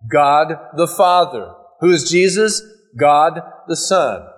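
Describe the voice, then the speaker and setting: A man preaching an expository sermon in a somewhat high voice. He works through scripture verse by verse, explaining each point as a teacher would. He slows down deliberately whenever he quotes a passage. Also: expressive. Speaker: pastor.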